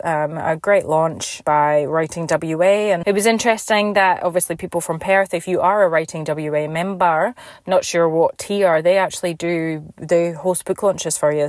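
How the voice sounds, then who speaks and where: Scottish woman, podcast host, low-ish voice, rambling chat, dry close sound. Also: no room sound. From Scotland. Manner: chatty and meandering, with frequent restarts. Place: Perth, Australia.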